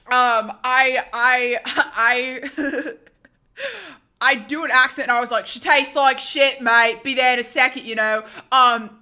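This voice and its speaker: A young woman streamer telling a rambling, excitable story in casual live-stream chat. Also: on the high side.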